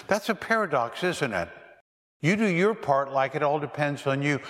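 A man's voice: on the high side, fairly bright tone, in a large hall. A male pastor preaching a sermon, telling stories and asking his listeners rhetorical questions. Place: church.

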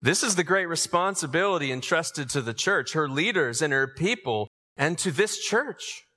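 A pastor delivers an earnest sermon, and his voice carries a bright, forceful edge. It sits a little higher than most men's and swells into emphatic calls. A long reverb trails off the walls of a large church. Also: animated, normal speed. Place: church sanctuary.

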